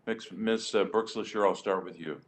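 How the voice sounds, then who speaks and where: A man, a senator at a committee hearing, delivering prepared remarks in a measured, emphatic way. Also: on the low side. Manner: measured, emphatic speech-making. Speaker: senator questioning nominees.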